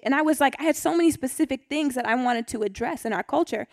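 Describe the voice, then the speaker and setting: A young woman with a lilt talks through a personal testimony in a chatty, um-filled way before turning to scripture for her Bible study. Her voice sits high. The sound is dry and close, with no room around it. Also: fast talker, hardly any pauses, dry recording. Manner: chatty, storytelling, frequent ums.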